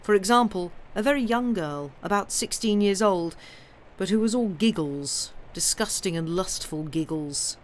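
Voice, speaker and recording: A woman reading a short story aloud, measured, with the occasional slip and correction. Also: medium pitch, animated. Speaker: reader.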